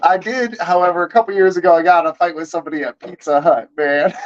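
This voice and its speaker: A man's voice: sits high, fairly quick. A man in his thirties casually telling a long story, rambling and slangy with lots of fillers. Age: 30s. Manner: rambling, laid-back, slangy, lots of "like" and "you know". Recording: slightly dull lo-fi audio.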